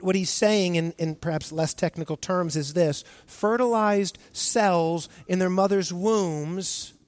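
Earnest and high-voiced with a darkish tone, a pastor preaches a sermon, stretching key words with slow emphasis and frequently restarting phrases. There is no echo.

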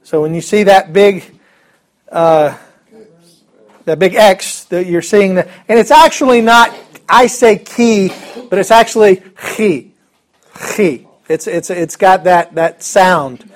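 A man's voice: high-pitched, unhurried. A man teaching a Bible class in a casual, joking way, chuckling often and restarting his sentences.

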